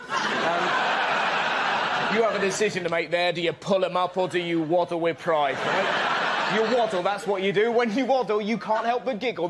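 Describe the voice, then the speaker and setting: A man performing a stand-up comedy routine, telling stories and doing quick voices for the people in them. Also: sits high, very noisy. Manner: bouncy storytelling with put-on voices for quoted people. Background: studio audience laughter.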